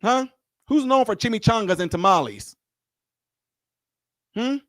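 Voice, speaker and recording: A high-pitched man talks straight into a dry, close mic, teasing and animated as he comments on a clip. He repeats his lines for effect and keeps the banter going. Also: measured pace, no echo. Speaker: video commentator. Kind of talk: reaction commentary.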